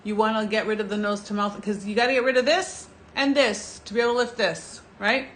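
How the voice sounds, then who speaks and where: A middle-aged woman presenting skincare products in a live home-shopping show, with an enthusiastic, chatty sales pitch. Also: fairly even intonation, a little fast, a little hiss or hum. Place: TV shopping studio.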